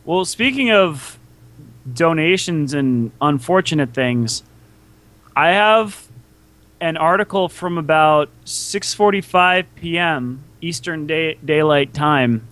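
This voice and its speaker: Podcast co-host, man, higher than average voice, wry and exasperated storyteller. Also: expressive, slow, a bit bright. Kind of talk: casual chat.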